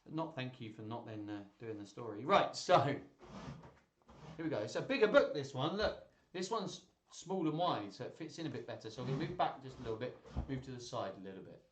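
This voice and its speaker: A man hosts a children's live stream, reading out viewers' jokes and laughing easily at them. His voice swings widely in pitch as he chats. The room adds a noticeable echo. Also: a little fast, background noise. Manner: chatty, laughs at jokes, lively delivery. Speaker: host of a live children's joke and story stream.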